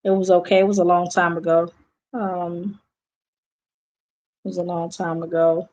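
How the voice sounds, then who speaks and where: A woman's voice: on the low side, little pitch movement, measured pace, a little mellow. A woman with a Southern accent chatting casually with viewers on her livestream, answering their comments and repeating herself. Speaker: livestream host.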